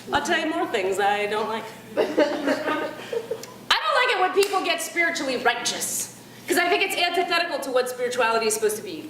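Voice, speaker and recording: Woman doing stand-up, high voice, chatty and animated, echoey room. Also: a little hiss or hum. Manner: chatty, animated, asks the audience. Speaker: stand-up comedian. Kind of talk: stand-up comedy.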